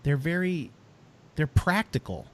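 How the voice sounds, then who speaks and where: A man co-hosting a podcast in excitable casual chat, quick to laugh. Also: a little high. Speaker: podcast co-host.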